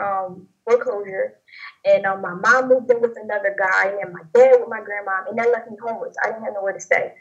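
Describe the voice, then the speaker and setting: Young woman telling a halting personal story. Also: on the high side. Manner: rambling, halting, many fillers and restarts. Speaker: guest sharing testimony. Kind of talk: personal testimony interview. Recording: dull lo-fi audio.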